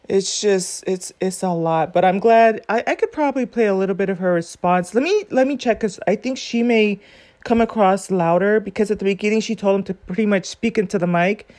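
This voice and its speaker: A woman's voice: mid-range voice, moderate pace, a little mellow. A woman giving casual commentary on a court video, earnest and rambling as she thinks aloud.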